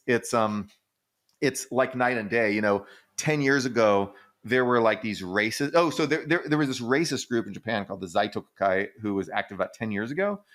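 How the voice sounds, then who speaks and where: Rambling, fast-swearing low-voiced man. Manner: rambling, animated storytelling with frequent "like" and casual swearing; acts out quoted people in exaggerated voices, laughs often. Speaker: podcast co-host answering listener questions. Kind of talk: casual podcast chat.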